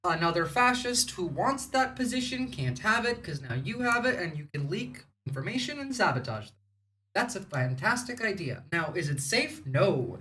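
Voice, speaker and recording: A woman from the United States riffs through casual political commentary on her livestream, blunt and sarcastic. Her voice sits low for a woman but has a bright, forceful edge, and she rambles from point to point. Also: slight background noise. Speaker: livestream host.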